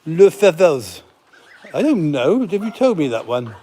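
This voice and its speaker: A chatty middle-aged man with a slightly high voice, talking casually outdoors on a farm. He giggles and slips into cooing baby-talk for the animals. Chickens and birds cluck in the background. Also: big pitch swings, moderate pace, dark tone, breathy edge. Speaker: farm centre host. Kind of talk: casual live stream chat with animals.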